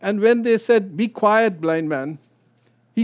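A man with a fairly high voice teaches a Bible study group. He talks things through casually, then bursts into loud, animated retellings of the scripture scenes. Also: moderate pace. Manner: animated, acts out scripture quotes with rising voice.

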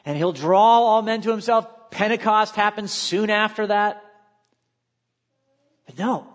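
A man preaching a sermon, reading scripture aloud and shifting between emphatic lines and quiet, low asides. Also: unhurried. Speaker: pastor.

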